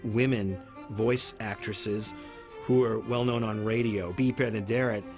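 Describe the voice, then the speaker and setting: A man's voice: fairly low pitch, fairly even intonation, a little slow. A man speaking thoughtfully, with some hesitation, in a documentary interview. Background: music.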